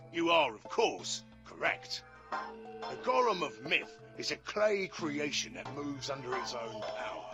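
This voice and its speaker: A man voicing a slangy, self-pitying male labour robot with a Cockney accent, over music. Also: medium pitch.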